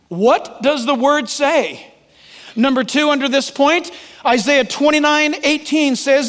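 A man's voice: extremely high pitch, expressive, measured pace, fairly bright tone, long reverb tail. A man preaching a sermon as pastor, emphatic and joking, calling on listeners by name.

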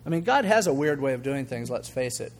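A man's voice: mid-range voice, fairly quick, slight background noise. An older man preaching a sermon as a pastor, talking conversationally and acting out the voices in his stories. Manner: conversational, animated, acts out quoted voices, chuckles. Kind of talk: sermon with storytelling.

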